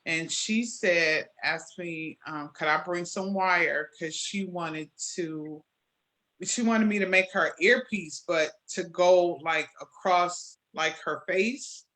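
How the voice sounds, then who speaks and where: Bright-voiced woman telling her story. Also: lowish voice, takes it slowly. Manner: animated storyteller, acts out quoted exchanges. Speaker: jewelry maker, guest. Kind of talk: conversational interview.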